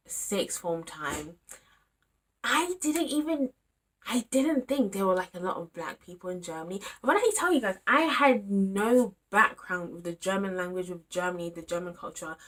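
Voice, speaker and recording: Exasperated young British woman, low voice. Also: a bit bright. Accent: British English. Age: 20s. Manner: exasperated, rambling, talks to herself. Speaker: university student vlogger. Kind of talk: candid talking-to-camera vlog.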